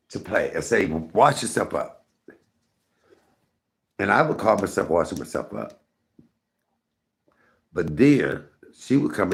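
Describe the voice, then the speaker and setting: A middle-aged man hosting a live stream, telling rambling, candid stories and talking to his chat. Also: low voice. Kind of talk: casual storytelling to viewers.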